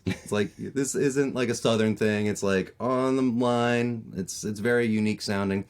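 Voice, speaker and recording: A man in his thirties from Maryland with a neutral American accent, chatting casually as a voice actor guest on a podcast, with lots of fillers and lively storytelling. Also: lowish voice, normal speed, few pauses. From Maryland, USA. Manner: chatty, lots of fillers, animated when telling stories.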